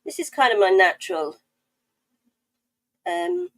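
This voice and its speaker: A woman's voice: a little high, very animated, slow, vocal fry, a bit bright, low-quality recording. A woman with a South East London accent chatting playfully with viewers while she draws on a live stream. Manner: playful, chatty, reading viewer comments aloud. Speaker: livestream art host. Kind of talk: casual chat while drawing.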